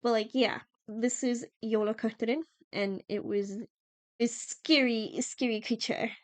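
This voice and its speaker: A woman's voice: a little high, fairly even intonation, a little slow, dry recording. Giggly, chatty young woman streamer. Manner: chatty, giggly, lots of fillers. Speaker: livestreamer. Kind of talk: casual livestream chat.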